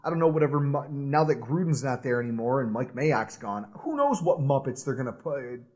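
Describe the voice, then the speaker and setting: A man co-hosting a casual sports podcast, loud and playful, laughing often as he bantered. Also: medium pitch, sing-song, brisk, muffled recording. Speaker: podcast co-host.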